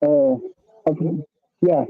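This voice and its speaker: A man's voice: a little high, steady tone, takes it slowly, husky, no room sound. A man from Pennsylvania co-hosting a podcast in casual chat, giving terse, short answers. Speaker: podcast co-host. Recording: muffled, phone-like mic.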